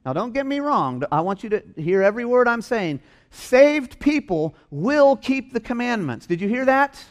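Emphatic high-voiced male preacher. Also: sing-song, moderate pace. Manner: emphatic, repeats key phrases for stress. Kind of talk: sermon. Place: church hall.

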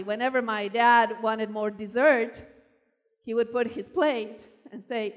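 A woman from Argentina preaching a sermon, telling personal stories with animated emphasis. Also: fairly high pitch, normal speed. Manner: animated storyteller, voice rising for emphasis. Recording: long hall reverb.

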